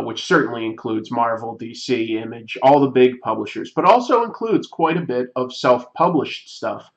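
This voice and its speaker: A man's voice: mid-range voice, lo-fi sound. A man who says he is sick, hosting a drawing livestream and chatting casually with many fillers. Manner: rambling, many fillers and restarts. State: sick, coughing. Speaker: comic artist livestream host. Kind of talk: casual chat while drawing.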